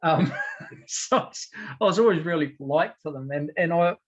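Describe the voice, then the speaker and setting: A man's voice: a little high, animated, moderate pace, dull audio. Plain-spoken New Zealand man. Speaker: interview guest, martial arts teacher. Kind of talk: casual conversation.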